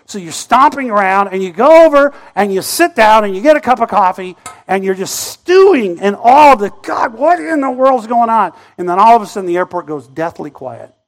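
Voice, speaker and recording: High-voiced animated preacher man. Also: brisk. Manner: animated, swings from shouting to hushed. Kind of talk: storytelling sermon.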